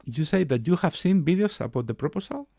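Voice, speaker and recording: A man's voice: a little high, lively intonation, fast, gravelly, dark tone, no room sound, clean studio sound. A man hosting an online meeting on a video call, chatting and reading out names, asking how to pronounce them. His first language is Spanish. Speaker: meeting host and mentor.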